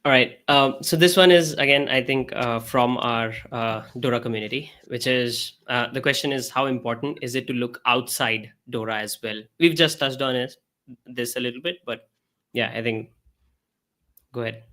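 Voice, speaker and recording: A male co-host asks questions in a bright, forward voice. He pauses often and fills the gaps with small filler sounds. His pitch stays in an ordinary middle range. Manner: hesitant, many filler sounds. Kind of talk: casual webinar interview.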